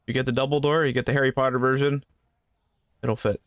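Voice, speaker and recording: A man's voice: medium pitch, level tone, fast, clear, resonant tone, no echo. A man giving casual gameplay commentary, rambling through asides and joking with the customers in the game. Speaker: gaming channel host.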